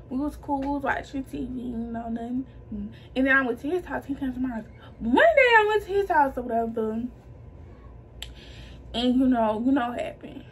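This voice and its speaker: High-voiced young woman chatting to camera. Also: slight background noise. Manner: chatty and slangy, addressing viewers as y'all; animated, acting out the people she quotes. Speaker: vlogger telling her life story. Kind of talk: casual storytime chat to camera.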